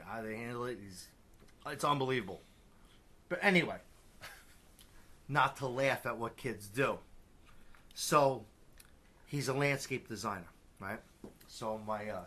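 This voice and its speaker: Podcast guy, bright voice, swears a lot, slight background hiss. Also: on the low side. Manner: casual swearing, laughing storyteller. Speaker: podcast co-host. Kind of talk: casual podcast chat.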